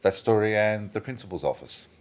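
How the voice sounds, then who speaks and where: A man's voice: fairly low pitch, brisk. A man hosting an interview, giving brief, encouraging prompts to his guest. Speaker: host. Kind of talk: interview host.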